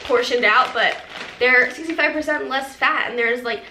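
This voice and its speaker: A young woman in her twenties chatting excitedly and laughing as she unpacks groceries at home for a vlog. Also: high voice, normal speed. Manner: bubbly, chatty, laughs often. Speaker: vlogger. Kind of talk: casual haul vlog chat. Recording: echoey room with background noise.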